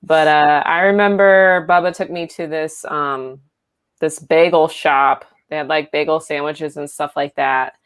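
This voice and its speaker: A woman's voice: deep voice, steady tone, measured pace, clean tone. A woman co-hosting a comedy podcast, chatting casually in a rambling way with many fillers. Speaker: podcast co-host.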